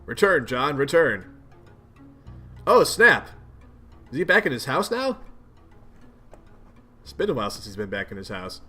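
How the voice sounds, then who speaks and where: A man reading a webcomic aloud and commenting in a chatty, animated way, reacting with surprise. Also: medium pitch, normal speed, pauses often, husky, soft background music. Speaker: webcomic reader and host. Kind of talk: casual read-aloud commentary.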